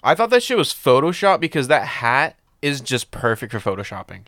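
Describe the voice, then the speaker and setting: A young man co-hosting a casual podcast, excitable, swearing a lot and stammering when surprised. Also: medium pitch, a little fast, dry recording, clean studio sound. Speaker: podcast co-host. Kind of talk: casual chat.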